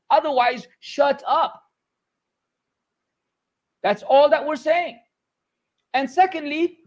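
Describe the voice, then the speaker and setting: A man teaching a religious class, animated and scolding, dropping Arabic phrases into his talk. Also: very high voice. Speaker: Islamic teacher.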